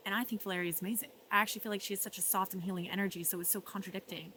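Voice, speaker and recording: Woman, personal vlog, earnest, emotional, soft-spoken, middle pitch, faint background hum. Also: rapid-fire, few pauses. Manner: emotional, earnest, often softly spoken with laughs. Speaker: vlogger. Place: art residency.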